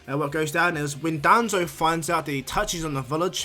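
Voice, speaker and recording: A man casually retells a fan-made story, rambling and restarting often. His voice sits a little high, and faint music plays under him. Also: a little fast, bright, forceful tone. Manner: rambling, many fillers and restarts.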